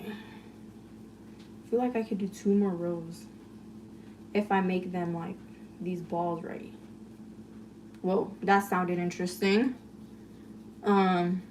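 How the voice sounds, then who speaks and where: A woman's voice: medium pitch, far from the mic, noisy background. A woman chatting casually on a phone livestream, rambling through a story full of "like" and swearing while baking in her kitchen. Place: home kitchen, baking cookies.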